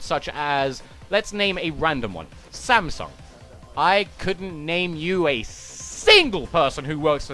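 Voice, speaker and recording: A young man rants through a gaming commentary, sarcastic and swearing freely. His voice sits fairly high for a man and swings up and down a lot as he gets worked up. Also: bright, forceful tone. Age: young adult. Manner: ranting, profane, sarcastic. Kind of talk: ranting commentary.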